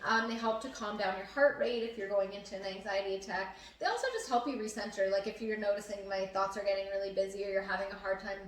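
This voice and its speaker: A woman's voice: medium pitch, fast, hardly any pauses. A young adult woman hosting a casual chat, talking earnestly with many fillers. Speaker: host. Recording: echoey room, mic at a distance.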